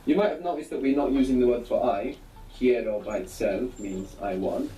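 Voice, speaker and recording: A man's voice: medium pitch, moderate pace, warm tone, soft background music. A man teaching a recorded language lesson, patiently prompting and confirming answers. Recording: echoey, distant from the mic.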